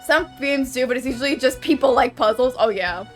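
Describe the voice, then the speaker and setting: A chatty, opinionated woman streaming a game, her fairly high voice rambling with plenty of "like" fillers. She talks off the cuff in a relaxed way. Game music plays steadily behind her. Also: brisk. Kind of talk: casual game stream commentary.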